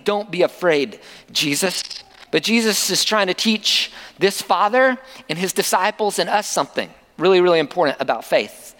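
Male pastor, high-pitched, conversational sermon, reverberant church hall. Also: a bit bright. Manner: conversational preaching with rhetorical questions.

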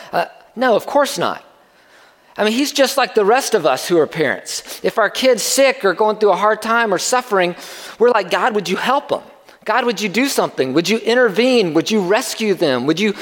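A man preaching a sermon as pastor, talking conversationally and putting questions to the congregation. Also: sits high. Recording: long reverb of a large hall.

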